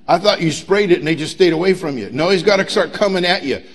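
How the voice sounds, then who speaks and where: Emphatic preaching pastor with a higher voice. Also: male voice. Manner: emphatic preaching with humor and rising intensity. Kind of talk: sermon. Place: church sanctuary.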